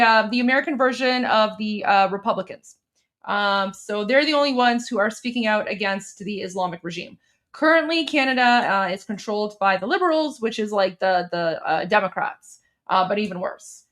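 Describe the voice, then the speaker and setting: A woman's voice: mid-range voice, expressive, moderate pace, a bit bright. A woman co-hosting a live stream, chatting casually and bluntly as she reads out viewer messages, with plenty of "like" and "um".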